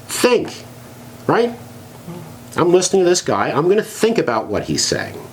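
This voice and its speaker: A podcast co-host with a high-sitting voice rants with animated sarcasm during casual talk. He speaks at a normal speed, and there's a faint hiss or hum in the recording.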